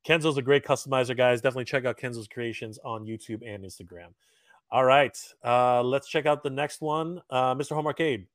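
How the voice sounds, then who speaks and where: A man's voice: mid-range voice, fairly quick, no echo, clean studio sound. A man co-hosting a casual toy livestream, running giveaway spins, laughing often and swearing casually.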